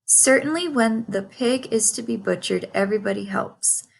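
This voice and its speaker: A woman's voice: on the high side, moderate pace, gravelly. Woman doing a blunt old ewe. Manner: blunt, matter-of-fact. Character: blunt old female sheep.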